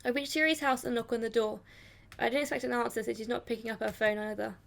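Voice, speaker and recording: A woman's voice: a little high, fairly even intonation, fast talker, gravelly. A young woman playing a video game, reading its story text aloud in first person with dramatic expression and swearing reactions. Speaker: gaming YouTuber.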